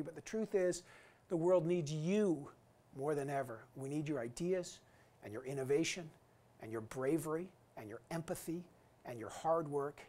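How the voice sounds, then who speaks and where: Earnest, higher-voiced man in his fifties. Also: a little mellow. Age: 50s. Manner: earnest, emphatic, rhetorical. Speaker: alumni guest speaker. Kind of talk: recorded commencement address.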